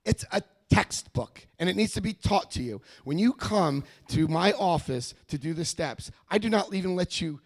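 A man speaking at a recovery meeting, telling his own story to an audience in a lively, self-mocking way with jokes. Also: high-pitched, moderate pace, few pauses, dry recording. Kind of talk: humorous personal storytelling to an audience.

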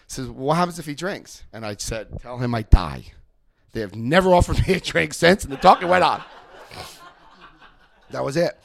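Man, recovery group speaker, testimony, animated storytelling, repeats phrases, dry sound. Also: medium pitch, no room sound. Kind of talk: personal testimony and step study talk.

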